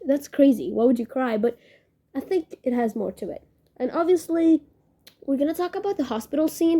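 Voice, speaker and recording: A young woman hosts a casual podcast review in a warm, soft-toned voice that sits a little high. She gushes and rambles, working through her strong feelings with lots of filler words. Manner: gushing, emotional, rambling with many "like"s. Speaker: podcast host reviewing a series.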